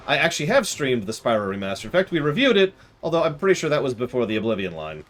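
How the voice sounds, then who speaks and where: A man's voice: mid-range voice, wildly swooping pitch, quick pace, hardly any pauses, a bit bright. A man streaming a video game, chatting along with sarcastic asides. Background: game music.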